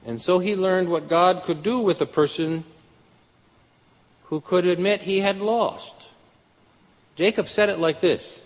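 A man's voice: high voice, measured pace, pauses often. A man preaching a sermon in an earnest style, his voice rising for emphasis. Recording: dull lo-fi sound with long hall reverb.

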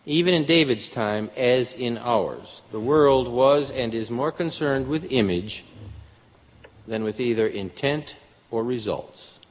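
A man's voice: medium pitch, takes it slowly. A man preaching a sermon in an earnest style, his voice rising for emphasis. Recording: dull lo-fi sound with long hall reverb.

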